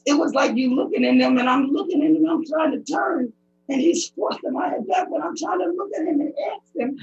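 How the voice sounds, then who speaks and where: Emotional woman with a gravelly high voice. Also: a little mellow, slight background noise. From United States. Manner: emotional, pleading, halting speech. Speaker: public commenter at a hearing. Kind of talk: personal testimony. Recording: dull lo-fi recording.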